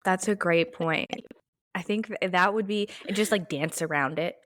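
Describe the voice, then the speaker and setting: Young woman, podcast co-host, low voice, dry recording, chatty, laughing. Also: moderate pace, a bit bright, no room sound. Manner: chatty, laughing, trailing off into asides. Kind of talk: casual chat.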